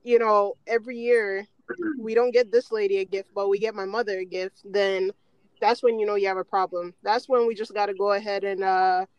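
A woman's voice: mid-range voice, fairly even intonation, brisk, a little mellow, clear, resonant tone, dry recording, muffled recording. A woman co-hosting a podcast, speaking frankly and casually with slang. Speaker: podcast co-host. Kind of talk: casual chat.

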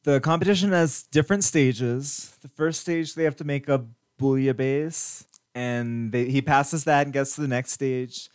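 A co-host calmly filling in movie plot details in a casual chat. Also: medium pitch, unhurried, hardly any pauses, smooth, no room sound, clean studio sound.

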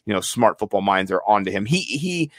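A man co-hosting a casual fantasy football podcast, rambling and excitable, repeating words and plugging sponsors. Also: lowish voice, a little fast, no room sound, clean studio sound. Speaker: podcast co-host. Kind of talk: casual sports podcast chat.

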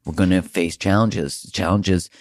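Brief: deep-voiced male podcast host, reflective and candid monologue, dry close mic. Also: unhurried, dry recording. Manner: reflective, animated, swears casually.

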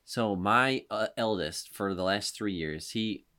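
A man's voice: lowish voice, measured pace, clear, resonant tone. A man in his thirties hosting a casual podcast chat, telling stories animatedly and acting out quotes. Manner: animated storyteller, acts out quotes loudly. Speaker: podcast host.

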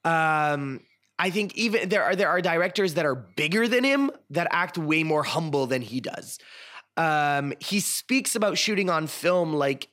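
A man hosting a casual film discussion podcast, frank and opinionated, pausing often with fillers and restarts. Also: a little high, animated, fairly bright tone. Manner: hesitant, many fillers and restarts. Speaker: podcast host.

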